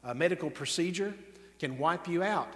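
Pastor guy preaching, kinda high voice, leans hard on words then rushes the asides, big echoey hall. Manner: emphatic, with slow stressed words and quick asides. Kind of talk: sermon.

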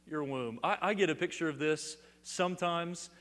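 A middle-aged man delivers a sermon in a slightly high voice, rising to loud declarations and dropping to hushed emphasis. He often stumbles and repeats a word before his phrase. The sound carries a long reverb from the church sanctuary. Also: moderate pace, few pauses. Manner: repeats words as he restarts phrases. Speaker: pastor.

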